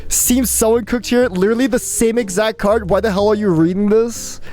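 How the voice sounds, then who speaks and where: A young woman streamer in casual live-stream chat, rambling and animated, swearing often. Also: mid-range voice, a little fast.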